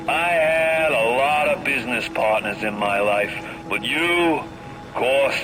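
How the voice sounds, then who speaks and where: A man's voice: mid-range voice, lightly acted, poor audio. Frank Fontaine, a sneering New York con man voiced by an actor. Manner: gloating, drawling, menacing. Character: scheming male con-man crime boss, sneering. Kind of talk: video game voice acting.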